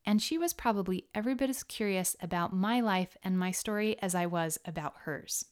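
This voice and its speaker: A middle-aged woman from the United States hosting a podcast, telling travel stories in a calm narration and explaining words and pronunciations. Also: mid-range voice, a little fast. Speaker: podcast host. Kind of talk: scripted storytelling narration.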